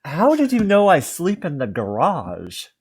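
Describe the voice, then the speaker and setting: A man acting out a humble office clerk who stammers with gratitude. His voice sits a little high and swings lively up and down. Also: unhurried, breathy edge, heavily acted. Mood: grateful. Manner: hesitant, stammering, eager. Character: humble, grateful clerk Bob Cratchit.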